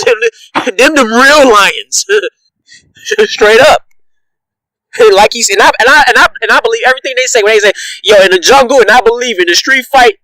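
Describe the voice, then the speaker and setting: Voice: mid-range voice, sharp tone, dry recording, poor audio. A reaction vlogger giving heated, profane commentary, ranting with repeated emphatic jabs and frequent laughter.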